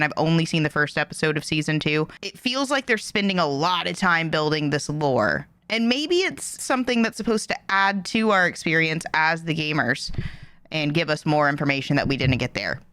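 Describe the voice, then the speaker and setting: A woman hosting a reaction video, giving animated, opinionated commentary that rises when she gets passionate. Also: deep voice, no room sound.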